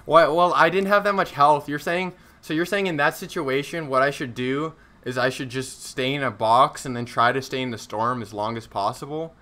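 This mid-range male voice moves at a moderate pace with few pauses as a young man provides live commentary on his shooter stream. He keeps it casual with the chat, teases himself, leans on slang, and gets worked up during tense moments.

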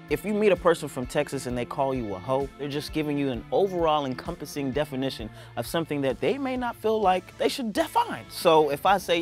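A young man from England with a mix of British and American accent, explaining to camera in a lively, playful way and slipping into different voices. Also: on the high side, brisk, few pauses, soft background music. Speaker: video presenter.

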